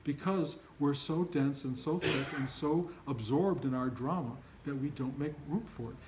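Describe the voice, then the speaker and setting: Speaking at a moderate pace in a mid-range voice, this older spiritual teacher addresses his students informally. He's earnest and emphatic and often voices what they might be thinking inside, while noise runs in the background.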